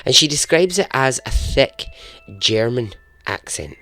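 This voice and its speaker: A man's voice: mid-range voice, very animated, measured pace, vocal fry, pushed and bright, soft background music. A man hosting a podcast, telling a true story in a chatty, self-deprecating way and chuckling at his own jokes. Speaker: podcast host. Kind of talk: casual storytelling narration.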